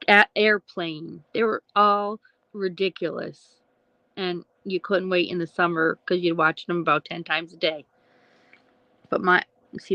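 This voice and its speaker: A woman's voice: on the low side, dry recording. A woman in her forties, hosting a casual live stream chat with viewers, rambling and laughing often. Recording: dull lo-fi dry sound.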